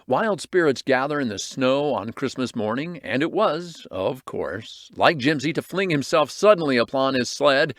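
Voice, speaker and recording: Man narrating with a lively voice. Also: medium pitch, moderate pace, hardly any pauses, dry recording. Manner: expressive, varied reading. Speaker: audiobook reader. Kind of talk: storybook narration.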